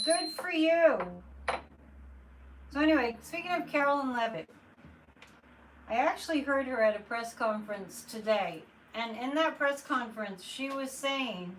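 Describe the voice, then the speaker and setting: A woman talks loosely to her live-stream viewers in a slightly raised, bright and forceful voice, tossing out exasperated asides. She sits some way back from the microphone. A faint hum of room noise lies underneath. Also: sits high, lively intonation, normal speed, far from the mic, poor audio. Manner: chatty, exasperated asides, reads viewer comments aloud. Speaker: psychic livestream host. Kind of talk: casual live-stream chat.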